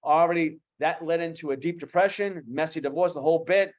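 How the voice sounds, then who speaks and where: A man in his fifties with a Boston accent, speaking as a guest coach on an online talk show, animated and emphatic, repeating key phrases. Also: on the high side, fairly quick. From USA. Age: 50s.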